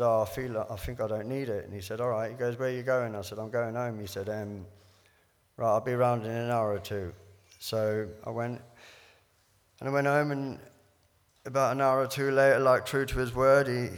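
Man telling his recovery story in a hall. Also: mid-range voice. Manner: rambling, repeats words, quotes others in dialogue. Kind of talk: candid personal testimony.

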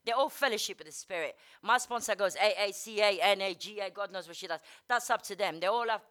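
A woman giving a blunt, candid personal recovery testimony, swearing freely and dropping many "you know"s. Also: mid-range voice. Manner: fast and energetic, rising and falling in loudness. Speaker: speaker sharing at a recovery meeting.

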